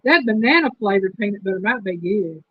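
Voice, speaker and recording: A woman hosting a casual livestream chat, reading trivia questions slowly and repeating them. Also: medium pitch, animated, slightly rough. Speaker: host. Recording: dull lo-fi stream audio.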